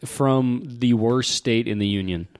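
A man's voice: medium pitch, a little slow, dry recording. A young man in casual, joking group banter, often laughing and arguing his point.

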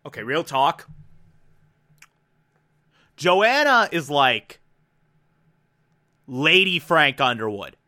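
A man casually recapping a TV episode, animated and profane, acting out characters' lines as he goes. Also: fairly high pitch, extremely slow, pauses often. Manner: animated, profane, quotes characters mid-story. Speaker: TV recap commentator.

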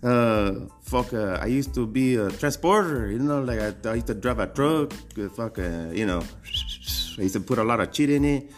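A man's voice: mid-range voice, lively intonation, normal speed, natural voice. A man voicing a crude, stoned retired male drug runner who rambles in profane Chicano slang with a slurred, laid-back delivery, over faint background music. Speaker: comedy guest character.

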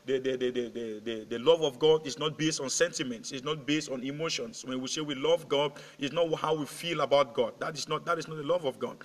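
A man's voice: on the high side, a bit bright. A male pastor preaching a sermon, rallying his congregation with repeated calls and scripture readings. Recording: long hall reverb.

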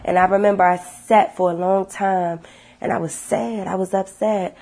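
A woman tells viewers her life story as a casual, animated testimony, blunt and swearing freely, in a mid-range voice at normal speed.

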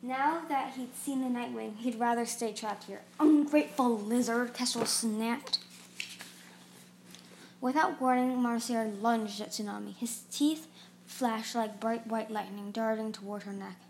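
A woman's voice: on the high side, fairly even intonation, normal speed, vocal fry, a little mellow, a little hiss or hum. A woman narrating a fantasy novel aloud as an audiobook reader, often stumbling and restarting words.

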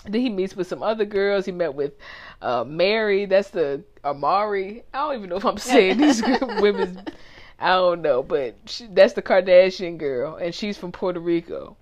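A woman's voice: mid-range voice, lively intonation, normal speed. A woman co-hosting a casual talk show, recapping a reality TV episode and laughing often as she talks. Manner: laughs often, chatty storytelling. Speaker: podcast co-host.

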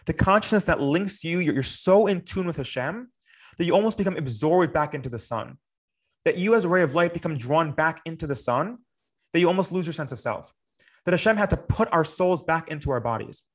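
A young man giving a spoken Torah class in an earnest, reflective way, repeating phrases for emphasis. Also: on the high side. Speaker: Torah teacher.

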